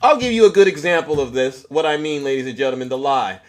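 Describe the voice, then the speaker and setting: A man's voice: fairly high pitch, fast. A man hosting a political livestream, ranting combatively and speaking straight to his viewers. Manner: combative, repetitive, addresses audience directly. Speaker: livestream host. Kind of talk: heated political livestream rant.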